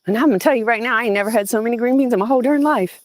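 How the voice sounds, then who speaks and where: A woman with a Southern accent from southeastern Virginia live-streams from her home garden on an old phone, greeting viewers and cooing at plants in a chatty, animated way. She speaks very fast in a slightly high voice, and there's no room sound.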